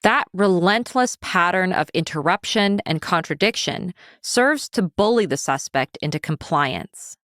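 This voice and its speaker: A woman hosting a podcast, reading scripted narration in a measured, serious way. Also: fairly low pitch, animated, fairly bright tone, no echo, clean studio sound. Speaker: podcast host. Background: music.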